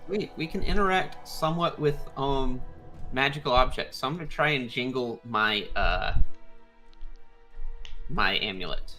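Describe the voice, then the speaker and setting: A man's voice: medium pitch, measured pace, bright, forceful tone, soft background music. A man, a player at a tabletop game, chatting casually and tentatively. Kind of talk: casual chat.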